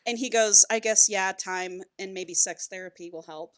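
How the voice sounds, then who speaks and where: A woman co-hosting a casual book podcast, retelling the plot in an animated, swear-filled way and acting out the characters' lines. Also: mid-range voice, normal speed, smooth. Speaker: podcast co-host. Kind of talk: casual book-club chat.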